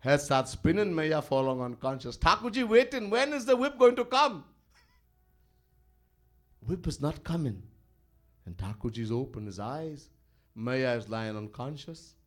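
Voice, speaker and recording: Animated swami. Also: male voice, on the high side, unhurried, pauses often. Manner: animated, with frequent chuckles. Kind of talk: devotional storytelling sermon.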